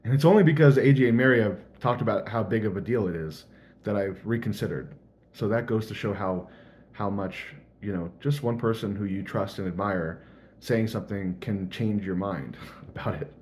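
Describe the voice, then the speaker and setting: A man's voice: fairly low pitch, moderate pace, darkish tone, a little hiss or hum. A young man thinking aloud in a casual, earnest vlog monologue.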